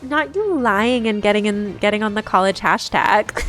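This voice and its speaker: A woman's voice: medium pitch, animated, normal speed, a bit bright, faint music behind. A young woman streaming a game live, chatting casually and reading viewer messages aloud with frequent giggles. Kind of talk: casual live-stream chat while gaming.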